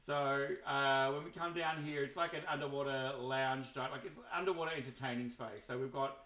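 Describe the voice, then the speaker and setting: A man's voice: medium pitch, fairly even intonation, moderate pace, fairly bright tone. Chatty man touring game builds. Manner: chatty and enthusiastic, with frequent restarts. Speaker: video game house builder. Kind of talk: casual game walkthrough commentary. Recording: roomy echo.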